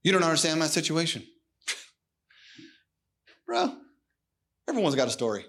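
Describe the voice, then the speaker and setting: A male pastor delivering a sermon to a live congregation in a church, preaching emphatically and breaking into shouts. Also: a little high, wildly swooping pitch, a little slow, gravelly.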